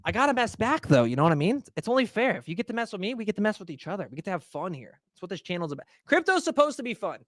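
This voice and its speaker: A man's voice: high voice, big pitch swings, rapid-fire, hardly any pauses, a bit bright, dry recording, clean studio sound. A man hosting a livestream, ranting casually and profanely to his chat in slangy talk. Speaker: host. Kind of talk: livestream market rant.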